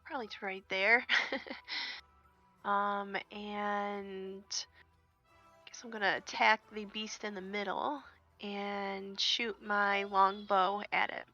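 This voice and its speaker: A woman hesitantly declaring her move in a tabletop game, speaking extremely slowly in a flat, bright voice. Her audio sounds dull and lo-fi, with faint music behind. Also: medium pitch. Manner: hesitant, soft-spoken. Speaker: player.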